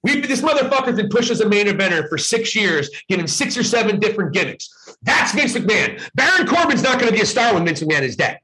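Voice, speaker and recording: A man hosting a live show as a fired-up, agitated solo rant, swearing and often shouting. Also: sits high, big pitch swings, quick pace, low-quality recording. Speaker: wrestling commentary host.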